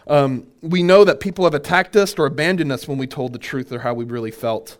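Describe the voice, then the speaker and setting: A minister leads a relaxed Bible workshop with an animated delivery. His man's voice sits a little high, and he often laughs lightly and says his point twice. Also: a little fast, hardly any pauses. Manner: animated, chuckling, repeats key phrases. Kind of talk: conversational Bible teaching.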